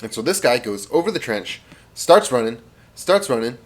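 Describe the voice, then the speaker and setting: A man's voice: medium pitch, very animated, normal speed. A man spins a comic tall tale in a loose, rambling way. His voice swings up and down a lot. He throws in fillers and mouth sound effects as he goes. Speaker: storyteller. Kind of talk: casual comic storytelling.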